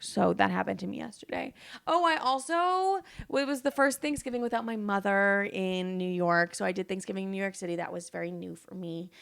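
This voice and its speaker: A young woman vlogging from her apartment, telling stories in a chatty, profane, animated way with plenty of fillers. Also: mid-range voice, a little fast, gravelly. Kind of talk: casual storytime chat.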